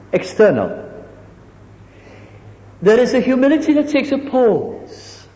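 A high-pitched, very lively male preacher delivering a sermon, his voice swooping up and down as he drives points home. The recording is dull and lo-fi, with a long reverb hanging in a large hall. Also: takes it slowly. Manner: animated, drops to mimicking soft humble voices. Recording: echoey hall, dull lo-fi sound.

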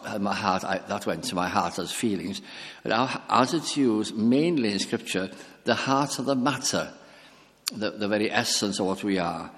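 A man's voice: on the low side, a bit bright, long reverb tail. An older man preaching a reflective sermon, musing aloud and quoting scripture with frequent restarts.

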